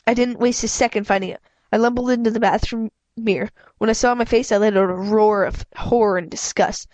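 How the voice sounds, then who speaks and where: A woman with a stuffy head cold reads a story aloud at home, her voice sitting at an ordinary middle pitch. She stumbles and restarts words often, in a casual, unpolished reading. The sound is dry and close, with no room echo. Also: darkish tone. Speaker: amateur audiobook reader. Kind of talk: casual read-aloud narration.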